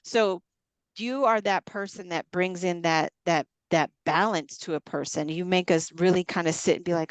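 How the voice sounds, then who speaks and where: A woman co-hosting a casual chat, lively and acting out quoted voices as she talks. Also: fairly low pitch, moderate pace, clean tone, no room sound. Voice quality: animated, acts out quoted voices.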